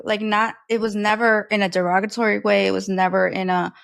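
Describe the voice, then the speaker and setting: A woman's voice: medium pitch, a little fast, gravelly, few pauses. A woman who grew up in New York City tells personal stories in a casual, chatty way, using many "like" fillers and acting out questions people asked her. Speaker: podcast guest.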